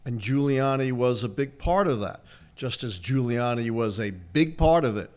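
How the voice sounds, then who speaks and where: A man's voice: mid-range voice, expressive, moderate pace, a little mellow. An older man with a Brooklyn accent, giving emphatic, lecturing political analysis on a livestream. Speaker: political historian guest answering questions.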